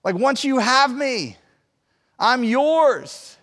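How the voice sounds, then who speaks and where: High-voiced male preacher in a reverberant hall. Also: animated, very slow, fairly bright tone. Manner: conversational, emphatic preaching with rhetorical questions. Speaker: pastor. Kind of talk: sermon. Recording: long reverb of a large hall.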